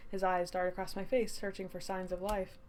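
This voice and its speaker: A woman's voice: mid-range voice, level tone, fairly quick, a little mellow, a little hiss or hum. A woman streaming a story game, reading the narration aloud and breaking into giggly, self-mocking asides.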